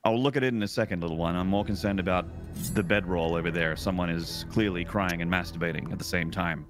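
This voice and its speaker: A man playing a gruff, haughty dragonborn adventurer in a tabletop game, with brusque, commanding lines. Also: low-pitched, quick pace, music in the background, lightly acted. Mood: dismissive.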